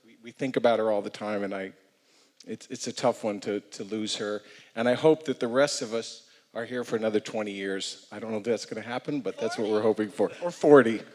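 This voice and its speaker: A man's voice: fairly low pitch, a little fast, in a large hall. A man on a festival panel stage, making wry self-deprecating jokes before telling a fond story. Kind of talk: joking panel remarks and story. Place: theater stage.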